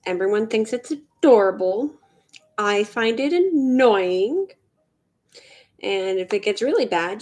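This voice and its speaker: With a mid-range, darkish voice, this Southern-accented livestream host from Mississippi talks slowly but animatedly as she beads. Her chat is rambling and offhand, with casual swearing.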